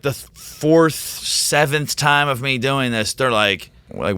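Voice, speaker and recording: A man who teaches, telling a rambling, excitable story as a podcast guest. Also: medium pitch, a little slow, smooth, dry recording. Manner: rambling, excitable, quotes himself in animated voices. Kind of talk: casual storytelling in a podcast interview.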